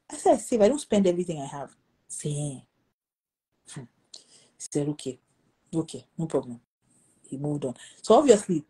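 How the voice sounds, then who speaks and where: Husky-voiced Nigerian woman telling a story. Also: fairly low pitch, low-quality recording. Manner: animated storytelling, acting out quoted voices. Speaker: pastor. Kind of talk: storytelling in a talk show conversation.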